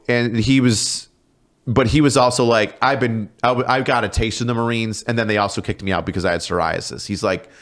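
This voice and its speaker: A man in his thirties, a podcast guest telling casual, profane stories and acting out quoted voices. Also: mid-range voice. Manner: profane, laughing storyteller, acts out quoted voices. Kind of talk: casual storytelling chat.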